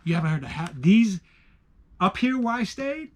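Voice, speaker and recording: A man with a New York accent telling stories in casual chat, profane and emphatic, swinging from loud bursts to hushed asides. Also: sits high, sing-song, normal speed.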